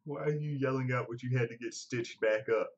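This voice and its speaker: A man's voice: medium pitch, brisk, muffled recording. A man chatting casually as a podcast host, loose, rambling and profane. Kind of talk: casual chat.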